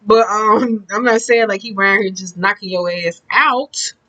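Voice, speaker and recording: A woman's voice: mid-range voice, normal speed, sharp tone, lo-fi sound. A woman giving a casual tarot card reading, talking bluntly and profanely in a chatty, rambling way. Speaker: tarot reader.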